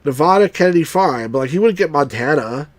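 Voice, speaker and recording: A man from New Jersey chatting wryly through a live game stream, now and then cheering out loud. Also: fairly high pitch, brisk, no room sound. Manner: chatty, wry, bursts into excited cheers. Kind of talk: live let's-play commentary.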